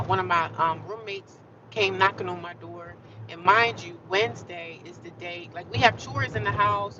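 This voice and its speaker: A woman vlogging on a livestream, venting with animated, repetitive storytelling. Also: medium pitch, distant mic, muffled recording, background noise.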